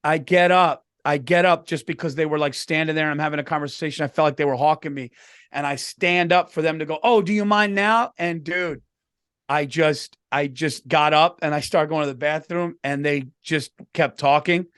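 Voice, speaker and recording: A man's voice: a little high, steady tone, normal speed, a bit bright, clean tone, dry recording, studio quality. A man co-hosting a comedy podcast, telling rambling anecdotes and saying "dude" constantly. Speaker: podcast co-host. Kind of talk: casual comedic chat.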